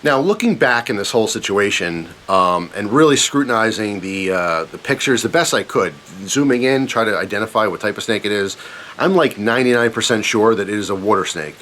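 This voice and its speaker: A man casually telling a personal story on his channel, animated and self-mocking, rambling with fillers. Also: on the low side, a little fast, slight background noise. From Pennsylvania, USA.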